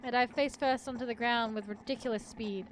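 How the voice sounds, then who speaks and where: A woman's voice: on the high side, fairly even intonation, moderate pace, a little hiss or hum, rough recording. A woman streamer reading a horror story aloud in the first person, with joking asides.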